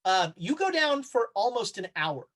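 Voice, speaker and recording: A man's voice: extremely high pitch, very animated, moderate pace, a bit bright. A man running a tabletop horror game, narrating scenes casually with many fillers and restarts. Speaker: game master.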